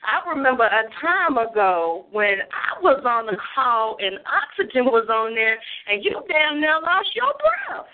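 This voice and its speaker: Sassy high-voiced woman caller. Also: sing-song, a little slow, few pauses. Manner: sassy, teasing. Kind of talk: casual call-in chat. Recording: phone line.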